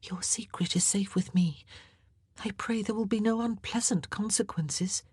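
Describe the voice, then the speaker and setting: A composed young noblewoman, guarded and protective of her sister, as a woman reader puts her on. She speaks in a raised, breathy tone that drops low to keep secrets. Dry, close sound. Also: lively intonation, moderate pace, dark tone, no room sound. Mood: hushed. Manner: composed, low-voiced and discreet.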